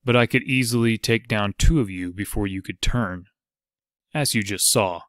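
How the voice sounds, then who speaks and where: A cool, deadly archer calmly spells out threats from the dark, as a man voices him. His voice stays low and steady, recorded dry and close. Each threat comes out unhurried and matter-of-fact. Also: dry recording, natural voice. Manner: calm and coolly menacing.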